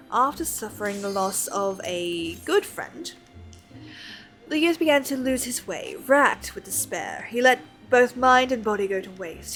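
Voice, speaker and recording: A woman voicing a calm older male guild master who tells a tale slowly and measuredly. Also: a little high. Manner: slow, measured storytelling.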